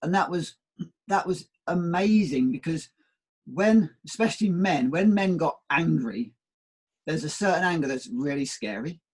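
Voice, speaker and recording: A man in reflective conversation, telling stories at an easy pace and circling back over his words. His voice is a touch high and husky. The talk is casual spiritual chat. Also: animated, a little slow, darkish tone. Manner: reflective, storytelling, repeats words. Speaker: co-host.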